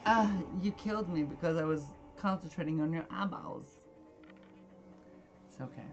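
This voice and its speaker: In a lo-fi recording with faint music behind, this thirtysomething let's play gamer talks at a moderate pace in a mid-range voice. The casual commentary is blunt and forward, peppered with laughter, and the speaker describes themself as socially awkward.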